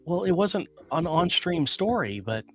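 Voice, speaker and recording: A man's voice: fairly high pitch, very animated, measured pace, fairly bright tone, husky, faint music behind. A man hosting a casual live stream, rambling through stories in a self-mocking way and laughing often. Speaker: podcast host. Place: small room with some echo.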